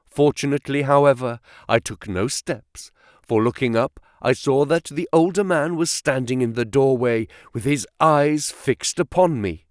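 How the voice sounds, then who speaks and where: A male audiobook narrator reading a classic detective story in a measured, dramatic way. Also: mid-range voice, dry recording, studio quality.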